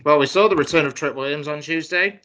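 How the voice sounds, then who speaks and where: A man's voice: fairly high pitch, quick pace, over music. A man from Wales co-hosting a wrestling podcast, laid-back in casual chat. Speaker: podcast co-host.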